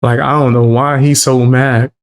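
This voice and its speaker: A man's voice: mid-range voice, little pitch movement, normal speed, clean tone. Slangy mocking male commentator. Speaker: commentary channel host. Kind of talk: casual reaction commentary.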